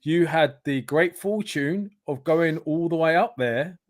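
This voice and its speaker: A man's voice: a little high, a little slow, no room sound, clean studio sound. A man, hosting a casual online football show over a video call, loose and chatty. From England. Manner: chatty, loose, laughs at own slips. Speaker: podcast host.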